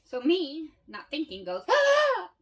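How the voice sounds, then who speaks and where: A woman's voice: fairly high pitch, expressive, normal speed, a bit bright, far from the mic, low-quality recording. A woman telling stories in a candid casual monologue, swearing freely and laughing often. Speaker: vlogger.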